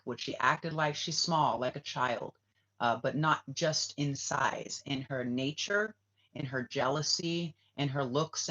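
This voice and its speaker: Profane rambling man on a muffled stream. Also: mid-range voice. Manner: rambling, profane, swings from hushed to heated. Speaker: spiritual reader and livestream host. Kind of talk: casual livestream monologue. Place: Bali, Indonesia. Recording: dull lo-fi livestream audio.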